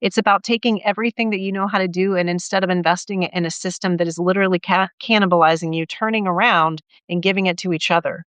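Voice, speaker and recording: A woman's voice: on the low side, fairly even intonation, a bit bright, no room sound. A woman guest on a live video call, talking passionately and filling her speech with "like" and restarts. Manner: passionate, fast, lots of "like" and restarts. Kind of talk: casual conversation on a live stream.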